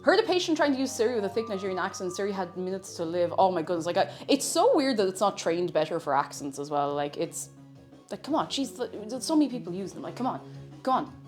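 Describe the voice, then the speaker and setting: A woman's voice: medium pitch, sing-song, fast, darkish tone. A woman live-streaming from her home kitchen, chatting casually as she cooks and reading chat messages aloud. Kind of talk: casual chat while cooking. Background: faint music.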